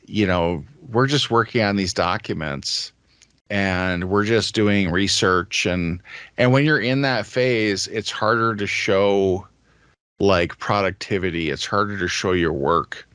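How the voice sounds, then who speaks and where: A man's voice: deep voice, unhurried, fairly bright tone, no room sound, studio quality. A man co-hosting a work podcast, casually thinking aloud. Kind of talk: conversational podcast talk.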